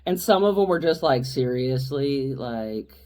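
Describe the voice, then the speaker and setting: A woman's voice: deep voice, expressive, normal speed, mellow. Rambling woman telling a story. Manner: rambling, with frequent restarts and asides. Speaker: podcast co-host. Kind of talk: casual storytelling chat.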